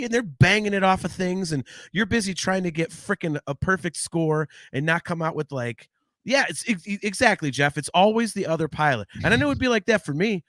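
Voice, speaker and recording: A man with a bright, forceful voice pitched a bit high, hosting a casual podcast. He talks in an animated, rambling way and swears freely. The sound is dry and close to the mic. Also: no room sound. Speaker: podcast host.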